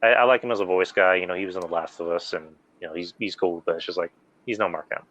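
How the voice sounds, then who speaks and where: Rambling low-voiced podcast host. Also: male voice, rapid-fire, muffled recording. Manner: rambling, animated fan recounting plots with many fillers. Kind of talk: casual chat.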